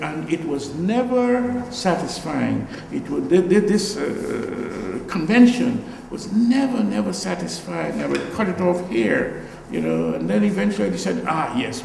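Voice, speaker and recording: An older man from Guyana, an artist giving a relaxed gallery talk, musing and repeating phrases with animated exclamations. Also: on the high side, gravelly, roomy sound, in a large hall, slight background noise, rough recording. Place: gallery room.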